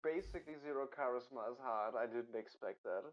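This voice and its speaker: Quiet mumbly guy playing dnd, normal pitch. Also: brisk, dull audio. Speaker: player. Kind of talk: casual tabletop play.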